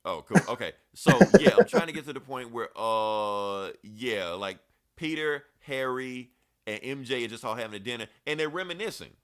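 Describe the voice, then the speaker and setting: Dude hosting a comic podcast, swears a lot, loose rambling recap, middle pitch. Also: male voice, expressive, moderate pace, clean tone. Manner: loose, profane storytelling recap. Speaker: podcast host. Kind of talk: casual comic book review chat.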